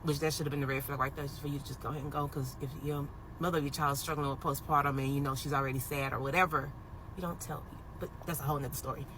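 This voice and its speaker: Speaking very fast in a deep voice, a woman in her thirties relives a personal paranormal encounter in a casual vlog. She's emotional and animated, filling her story with "like," and her phone recording has a noisy background.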